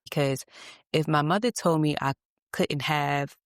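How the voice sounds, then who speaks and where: A woman's voice: low voice, unhurried, no room sound, studio quality. A woman hosting a reflective solo podcast, talking candidly and emphatically with salty asides. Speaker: podcast host.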